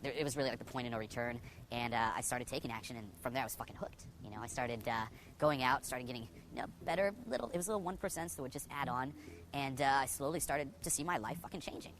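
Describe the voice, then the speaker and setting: Young male dating coach, rapid-fire, profane and candid, with a faint hum of room sound behind him. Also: mid-range voice, a bit bright. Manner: profane, heavy on "you know" fillers. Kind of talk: candid personal story told to camera.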